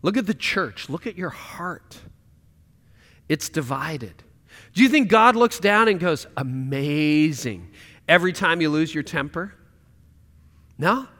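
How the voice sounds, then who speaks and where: Impassioned preacher in a reverberant hall. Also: male voice, high voice, lively intonation, unhurried, pauses often. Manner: impassioned, swings from loud to hushed. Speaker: pastor. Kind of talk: sermon.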